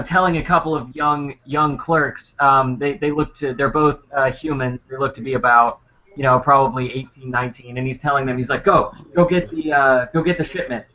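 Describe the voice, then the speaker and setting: A man narrating as game master of a tabletop game, rambling and pausing often for fillers. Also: medium pitch. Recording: muffled lo-fi recording.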